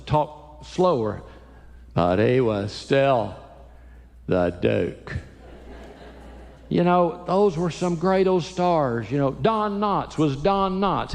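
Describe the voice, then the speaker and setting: Folksy slow-talking man telling jokes. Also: on the high side. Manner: folksy, chuckling, stop-start delivery. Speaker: Christian comedian and speaker. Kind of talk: live stand-up storytelling. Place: church sanctuary, live audience. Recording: echoey hall, live show.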